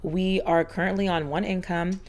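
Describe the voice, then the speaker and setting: A woman's voice: fairly low pitch, fairly even intonation, normal speed. A woman in her thirties narrating a homemaking vlog in a chatty, earnest voiceover, slightly out of breath. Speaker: homemaking vlogger.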